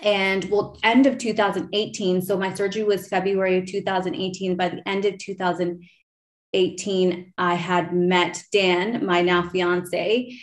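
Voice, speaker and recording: A woman's voice: on the low side, little pitch movement, a little slow. Emotional woman telling a personal story. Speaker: podcast host. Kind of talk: casual interview chat.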